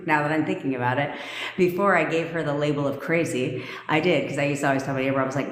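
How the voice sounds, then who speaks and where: A woman's voice: low voice, fast talker. A sassy, foul-mouthed woman, a manifestation coach, telling a personal story in a casual livestream and laughing as she goes. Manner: brash, profane and sassy. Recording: echoey room with long reverb.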